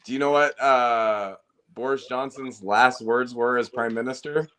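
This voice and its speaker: A man's voice: mid-range voice, unhurried, fairly bright tone, smooth. A man co-hosting a casual political podcast, cracking jokes and laughing at his own quips. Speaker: podcast co-host.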